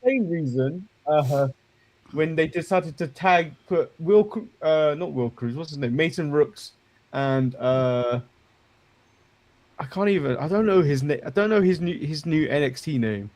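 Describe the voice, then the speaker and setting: A man's voice: on the high side, unhurried, darkish tone. A man co-hosting a casual wrestling review chat, rambling and joking, chuckling at his own remarks. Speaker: co-host.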